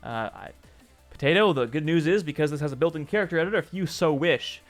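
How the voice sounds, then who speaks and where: A man's voice: a little high, expressive, fast talker, faint music behind. A man casually chatting with his live-stream audience, answering viewers by name, joking, and correcting himself as he goes. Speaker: streamer and game developer.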